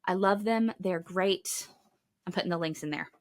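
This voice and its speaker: A woman's voice: on the low side, normal speed. A middle-aged woman hosting a children's ministry podcast, chatting casually and with enthusiasm as she recommends favorite products, full of asides and fillers. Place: home, in Kentucky.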